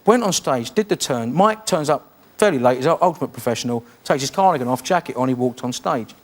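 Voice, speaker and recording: A man's voice: medium pitch, lively intonation, fast. Chatty man telling stories. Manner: chatty storyteller, tumbling restarts. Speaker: chat show guest. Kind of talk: telling an anecdote and a joke. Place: TV studio.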